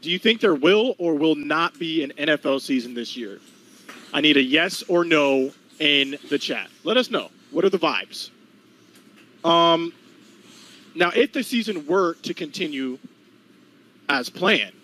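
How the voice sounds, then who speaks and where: A man's voice: on the high side, lively intonation, unhurried, pushed and bright, rough recording. A man hosting a live-stream interview, hyped and talking straight to the chat. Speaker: host.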